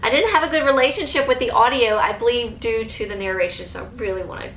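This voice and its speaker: A woman's voice: on the high side, fast, a bit bright, echoey room, a little hiss or hum, poor audio. A woman vlogger chatting casually and eagerly about books, with lots of fillers and restarts. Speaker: book vlogger. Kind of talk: casual chat.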